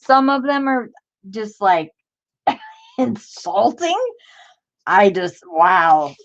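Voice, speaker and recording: A woman's voice: medium pitch, expressive, slow pace, lo-fi sound. Chatty woman reading old text aloud. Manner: chatty, exclaims in disbelief at odd old-fashioned wording; stumbles over hard words while reading. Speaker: crafting livestream host. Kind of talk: casual livestream chat, reading aloud.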